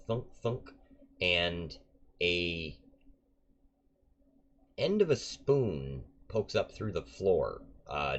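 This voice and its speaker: A man narrating a tabletop game as game master, in a relaxed way with many ums and uhs. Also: low-pitched. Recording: dull lo-fi recording.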